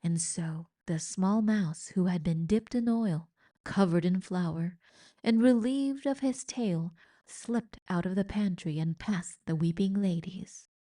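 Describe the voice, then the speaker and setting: A woman reading a children's book aloud as narrator, with slow, expressive storytelling. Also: fairly low pitch.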